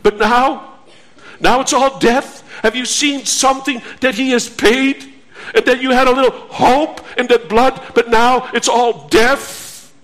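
Male preacher, very high voice, slow deliberate delivery, earnest and repetitive. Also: fairly even intonation, fairly bright tone. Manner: slow, earnest, repeats phrases with rhetorical questions. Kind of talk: sermon.

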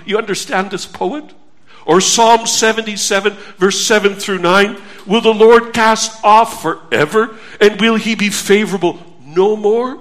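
Earnest high-voiced man preaching. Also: steady tone, a little slow. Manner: earnest, pleading, shifts between hushed and urgent. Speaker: pastor. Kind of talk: sermon.

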